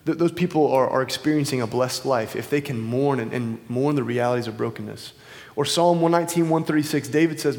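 Male preacher, slightly high voice, loose conversational delivery, reverberant hall. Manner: casual, conversational, many fillers and restarts. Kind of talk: informal sermon. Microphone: wireless microphone.

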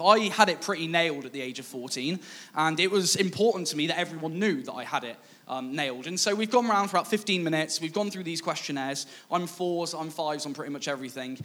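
A man delivers a sermon through personal anecdote. He talks conversationally and pokes fun at himself, acting out past dialogue as he goes. His delivery stays relaxed and chatty. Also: on the high side. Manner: conversational, self-mocking, acts out dialogue. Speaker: preacher.

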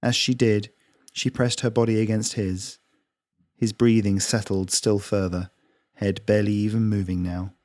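Male author-narrator, lowish voice, unhurried gentle story reading, dry close mic. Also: little pitch movement, no room sound.

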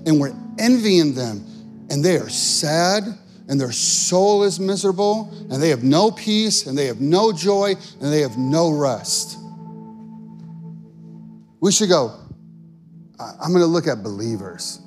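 A man's voice: on the high side, lively intonation, measured pace, soft background music. A male pastor preaching a sermon in an earnest, conversational way.

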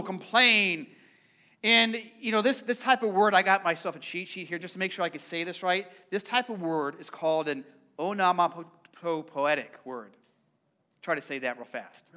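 A male pastor with a high, bright voice delivers a sermon. He talks conversationally, repeating words as he goes, and keeps inviting the congregation to join in.

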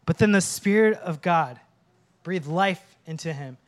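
A male pastor in his late thirties from Minnesota, preaching with self-mocking humor before a quiet, prayerful close. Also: a little high, measured pace. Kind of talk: sermon.

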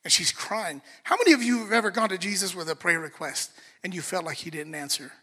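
A man preaching a sermon, animated, acting out the story in different voices. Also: sits high, fairly quick, slightly rough. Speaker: pastor. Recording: long reverb of a large hall.

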